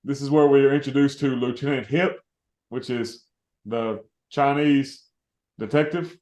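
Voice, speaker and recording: A man hosting a podcast, chatting casually about a film in a relaxed, rambling way and laughing often. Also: medium pitch, a little slow, roomy sound. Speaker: podcast host.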